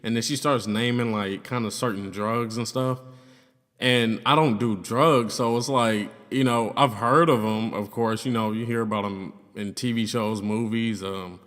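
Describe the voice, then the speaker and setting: A man's voice: on the low side, fairly even intonation, moderate pace, fairly bright tone. A young man casually telling a personal story, loose and profane, with lots of fillers. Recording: long reverb, hollow room sound.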